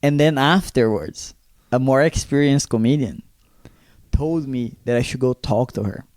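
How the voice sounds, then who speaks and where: A man with a Brazilian accent, co-hosting a comedy podcast and telling a story in a lively, swearing, casual way. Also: mid-range voice, normal speed, no echo. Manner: animated, swears freely, acts out quotes.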